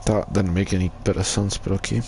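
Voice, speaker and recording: A man hosting a gaming channel, talking through a casual game recap in a relaxed, rambling way with hesitant fillers. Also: low-pitched, brisk, slight background noise.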